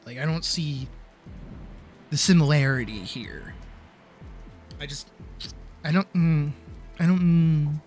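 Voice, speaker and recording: A man's voice: a little high, unhurried, pauses often, faint music behind. Rambling, apologetic streamer man. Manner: rambling, apologetic, swears casually. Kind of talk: casual livestream chat.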